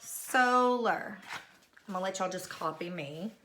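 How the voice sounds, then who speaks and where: A woman teacher speaks slowly and patiently, repeating each word for young pupils in a recorded phonics lesson. Her voice is bright and clear. She keeps an unhurried pace. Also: lowish voice, a little hiss or hum. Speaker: third grade teacher.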